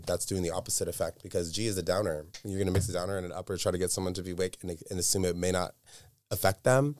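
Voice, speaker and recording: This is a man with a low voice, speaking as the guest in an interview. He tells a candid personal story with earnest emphasis and often repeats words to drive a point home. The sound is dry and close, with no room around it. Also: fairly even intonation, racing, no echo.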